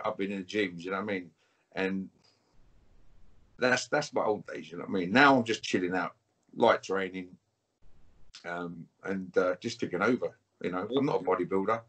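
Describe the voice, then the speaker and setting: British man, husky, combative interview guest on a video call, taunting. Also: sits low, fairly bright tone. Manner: taunting, repetitive, calls listener mate. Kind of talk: combative interview trash talk.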